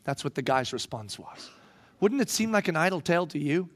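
A man preaching a sermon dramatically, swinging from hushed reading to loud emphasis. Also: high-pitched, expressive, a little fast.

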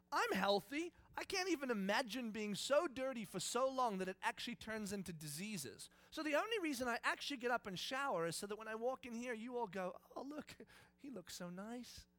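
A man preaching a sermon, telling stories dramatically and swinging between a hush and a loud voice. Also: extremely high pitch. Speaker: pastor. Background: congregation present.

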